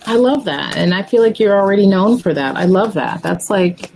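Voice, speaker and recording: A woman hosting a podcast, talking in a relaxed, measured and upbeat way. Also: mid-range voice, creaky, poor audio. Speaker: podcast host. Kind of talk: casual podcast interview.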